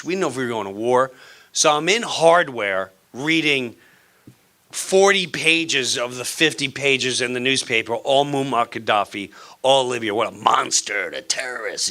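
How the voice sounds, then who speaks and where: A man performing live stand-up on a theater stage, telling a story in an animated, playful way and acting out the people in it. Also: mid-range voice. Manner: animated, playful, acts out characters. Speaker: stand-up comedian.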